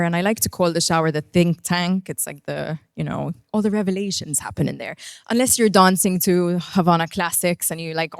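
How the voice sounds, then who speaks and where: A woman's voice: on the low side, darkish tone, no room sound, clean studio sound. A woman giving a personal keynote talk as a coach, speaking in an earnest, reflective way and guiding the audience through breathing.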